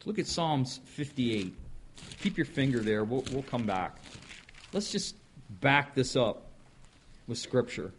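A man preaching a sermon in a folksy way, stretching out words and swinging between loud stresses and quiet asides. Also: medium pitch, animated, takes it slowly, pauses often, a little hiss or hum. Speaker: pastor.

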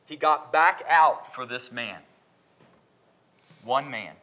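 A man preaching a sermon in a church, swinging from loud, emphatic bursts down to hushed whispers. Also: medium pitch, lively intonation, slow.

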